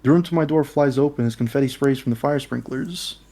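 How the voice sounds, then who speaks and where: A man's voice: medium pitch, brisk, mellow. A man reading a story game aloud, plain first-person narration with offhand asides.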